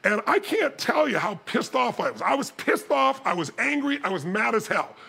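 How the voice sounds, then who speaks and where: A man giving a motivational seminar talk, telling stories with animated energy and bursts of shouting. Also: very high-pitched, normal speed, creaky, slightly rough. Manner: animated storytelling, shouting and mimicking others. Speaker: motivational speaker.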